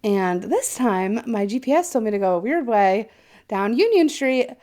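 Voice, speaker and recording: A woman's voice: on the high side, normal speed. A young woman co-hosting a podcast, telling a story in casual chat, swearing often and acting out the people she quotes. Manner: animated, swears often, acts out quoted voices. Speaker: podcast co-host.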